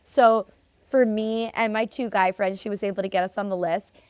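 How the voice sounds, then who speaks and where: A woman's voice: medium pitch, steady tone, moderate pace, darkish tone, clear, resonant tone, dry recording. A young adult woman hosting a solo podcast, casually telling stories in a chatty way with lots of filler words. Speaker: podcast host.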